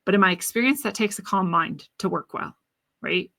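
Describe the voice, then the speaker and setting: A woman's voice: mid-range voice, fairly quick, creaky, a bit bright. A woman podcast host telling a personal story in an earnest, reflective monologue about spirituality.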